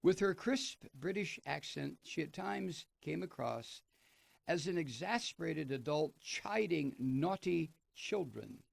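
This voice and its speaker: A man's voice: fairly high pitch, animated, slow pace, vocal fry, no room sound. A man hosting a radio talk show, reading a news piece aloud and breaking off into sardonic, profane commentary. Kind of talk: political commentary, reading and remarking on an article.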